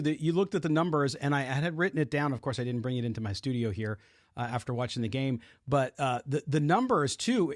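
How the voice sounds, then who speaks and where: A man's voice: a little high, no room sound. A man hosting a live postgame sports show from his home studio, talking conversationally and leading the segment. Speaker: host.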